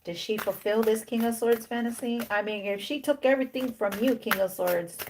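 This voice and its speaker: A woman's voice: on the high side, steady tone, fairly quick, background noise. Woman giving an emphatic tarot reading. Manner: drops in Spanish slang words; acts out imagined dialogue of the cards' figures. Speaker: tarot reader. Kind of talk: casual tarot reading to camera.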